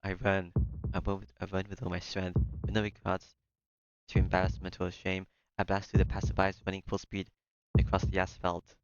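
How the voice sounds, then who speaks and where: Deep, flat-voiced man reading a visual novel. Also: moderate pace, muffled recording, a little hiss or hum. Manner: reads first-person narration, breaks off for joking asides. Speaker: let's-play streamer.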